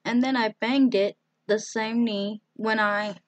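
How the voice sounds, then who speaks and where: A woman voicing an eager, bold young girl who pleads in a rushed, breathless way. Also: fairly high pitch, fairly even intonation, no room sound, highs cut off.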